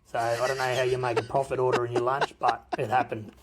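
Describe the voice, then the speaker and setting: A man's voice: mid-range voice, level tone, fast talker, heavy background noise. A man in a recorded voice message to a podcast, cheekily roasting the hosts. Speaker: listener sending a voice message.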